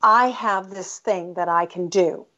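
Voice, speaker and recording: Candid, animated middle-aged woman guest. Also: mid-range voice, measured pace. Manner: candid, animated, emphatic, with self-interruptions. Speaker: author and guest. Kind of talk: conversational interview storytelling. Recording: dull lo-fi audio.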